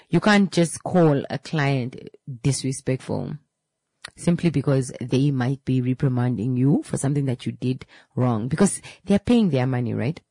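A woman running a beauty salon tells a story about a difficult client in an animated, casual way. She often repeats and restarts her words. Her voice is husky and dry, with no room sound. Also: extremely low pitch, dry recording.

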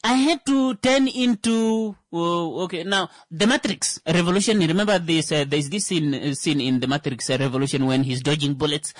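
Man with a higher-pitched voice, halting comic rant. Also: no room sound. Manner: halting, full of "uh" fillers, sudden pitch jumps for emphasis. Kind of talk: comedic monologue.

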